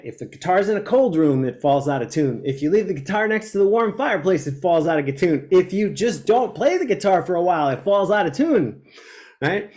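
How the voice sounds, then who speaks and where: A man's voice: high voice, a little mellow. A man in his forties, a mindfulness teacher talking as an interview guest, who laughs often and keeps asking rhetorical questions. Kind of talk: conversational interview.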